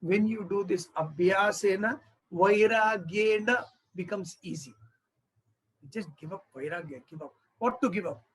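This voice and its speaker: Guy teaching scripture, high husky voice, acts out little back and forths, keeps asking questions. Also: a little slow, rough recording. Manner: animated, acts out little dialogues, rhetorical questions. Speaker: spiritual teacher. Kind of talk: discourse lecture on scripture.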